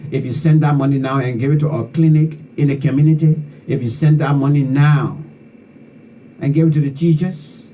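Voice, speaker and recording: A Liberian man hosts an online talk show, his mid-range voice delivering fervent, repetitive political commentary that scolds listeners. The lo-fi recording comes from a distant mic with faint background noise.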